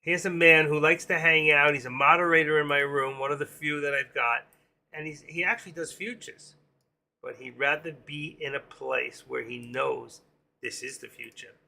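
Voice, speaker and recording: A man's voice: a little high, steady tone, moderate pace, creaky, pushed and bright. A man hosting a casual live stream, rambling and joking as he talks to his viewers by name. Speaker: live stream host and room moderator.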